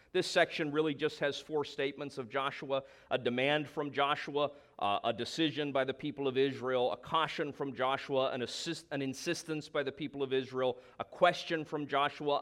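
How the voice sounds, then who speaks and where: A man's voice: medium pitch, fairly bright tone. A man preaching a sermon, emphatic, stretching key words for stress and dropping in conversational asides. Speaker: pastor.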